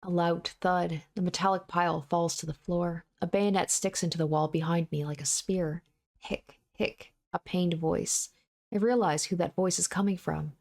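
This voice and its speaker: A woman narrating a visual novel aloud in a soft, steady, measured voice. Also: on the low side.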